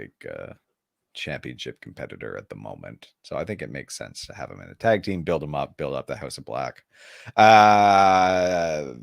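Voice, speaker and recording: A very low-voiced man chatting casually on a wrestling podcast, easygoing and quick to laugh. His pitch jumps around a lot as he talks. The sound is dry and close to the mic. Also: vocal fry, dry recording. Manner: laid-back, agreeable, laughs often. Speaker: podcast co-host.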